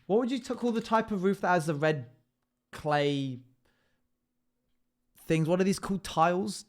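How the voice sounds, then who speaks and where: A man's voice: high voice, normal speed, pauses often. Rambling young man streaming a build. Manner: chatty, rambling, thinks aloud and answers chat. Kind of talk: casual live-stream chat while building.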